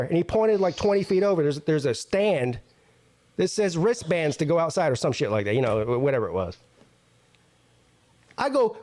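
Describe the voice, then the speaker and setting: A man hosting a talk show, telling a casual story in an animated, profane way and acting out both sides of an argument. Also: on the high side, moderate pace, long pauses. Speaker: host.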